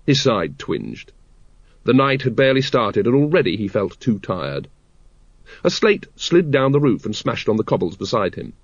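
A man's voice: medium pitch, big pitch swings, normal speed, no echo, lo-fi sound. A man reading a fantasy novel aloud with dry, wry storytelling. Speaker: audiobook narrator. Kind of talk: scripted narration.

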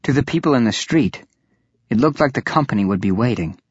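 Husky male audiobook narrator. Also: mid-range voice, brisk, no echo. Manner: steady, even storytelling. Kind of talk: scripted fantasy audiobook narration. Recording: dull lo-fi audiobook recording.

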